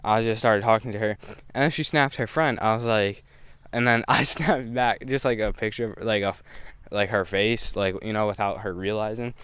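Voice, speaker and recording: A man's voice: on the low side, normal speed, a bit bright, smooth, dry recording. A young man vlogging a casual storytime, slangy and laid-back, laughing between lines.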